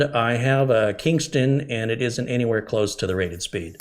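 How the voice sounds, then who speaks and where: A man hosts a tech channel's live-stream chat, taking viewer questions from their messages and explaining step-by-step fixes. He talks at a medium pitch and normal speed, barely pausing.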